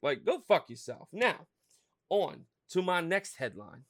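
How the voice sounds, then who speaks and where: A man's voice: fairly high pitch, big pitch swings, unhurried, no room sound, clean studio sound. A man from Pennsylvania hosting a solo podcast, ranting heatedly and swearing constantly. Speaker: podcast host.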